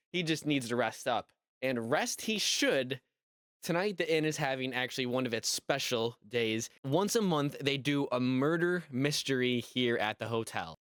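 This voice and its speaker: A man's voice: mid-range voice, fairly bright tone, no room sound, clean studio sound. A young man giving casual reaction commentary, incredulous and rambling, full of "like" and repeated questions. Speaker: commentary YouTuber.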